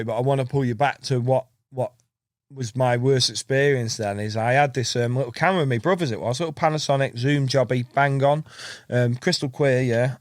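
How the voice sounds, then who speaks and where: Bloke rambling thru a story, acting out quotes, dead dry sound. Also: male voice, mid-range voice, dry recording. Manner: rambling storyteller who acts out quotes and laughs often. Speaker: podcast guest. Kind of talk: casual chat.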